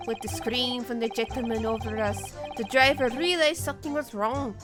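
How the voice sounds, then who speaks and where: A woman's voice: on the high side, steady tone, moderate pace, over music, lightly acted. A woman voicing an Irish male carriage driver giving testimony in a put-on Irish accent, earnest and plain.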